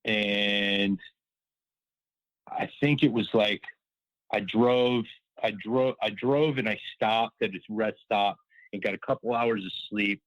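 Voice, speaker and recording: A man with a somewhat low voice tells a story over a call, rambling and stacking up "like" and quoted lines. The sound is dry, with little room around it. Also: fairly even intonation, slow pace, a bit bright, no room sound, rough recording. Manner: rambling, full of fillers and quoted dialogue. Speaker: caller. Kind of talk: casual storytelling on a call-in show.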